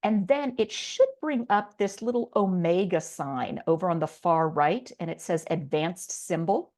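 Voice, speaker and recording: A woman's voice: fairly low pitch, a little slow, a little mellow. A middle-aged woman teaching a writing lesson online, explaining step by step in a patient way with a few fillers. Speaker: writing instructor.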